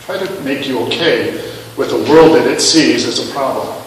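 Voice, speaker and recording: A man preaches in a relaxed, self-mocking way, pressing the listeners with rhetorical questions. His voice sits in the middle range and rings through a large, echoing church hall. He stands some way from the microphone, with a faint hiss behind him. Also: medium pitch, moderate pace. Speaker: minister. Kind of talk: sermon. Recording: echoey hall, mic at a distance.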